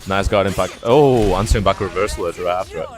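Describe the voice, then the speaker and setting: A man commentating a fighting game tournament, joking with his co-commentator between fast play-by-play calls. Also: low voice. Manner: quick, joking, trails into quiet asides. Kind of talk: esports commentary and banter. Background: music.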